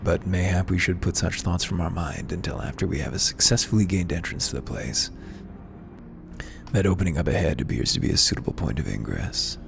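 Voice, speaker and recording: A man's voice: low-pitched, brisk, creaky, background noise. A man reading out a formal young male scholar's lines in a stately, archaic manner while fighting hiccups. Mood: solemn.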